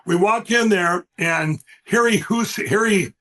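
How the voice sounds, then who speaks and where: Man with a high-pitched voice, guest on a talk show, rambling and emphatic, telling stories. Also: slow pace, fairly bright tone. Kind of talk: animated interview storytelling.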